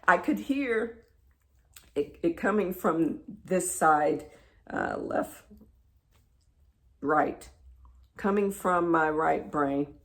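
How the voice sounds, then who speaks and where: A woman speaking at an unhurried, drawn-out pace with a gravelly fry in her voice. She tells a personal story as a spiritual teacher. She often repeats words and sinks into hushed whispers. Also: on the low side, animated. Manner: halting, repeats words, drops into soft whispers.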